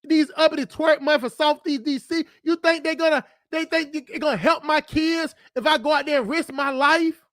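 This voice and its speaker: Male livestream host, high-pitched, dry close sound, profane off-the-cuff rants. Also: steady tone, a bit bright, dry recording. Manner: blunt, profane, fast-talking, jumps between subjects. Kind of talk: unscripted livestream rant.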